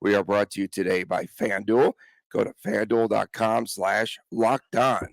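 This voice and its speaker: A man's voice: lowish voice, steady tone, a little slow, gravelly, dry recording. A man with a cold hosting a casual sports podcast, chatting with his co-host and reading the intro. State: has a cold.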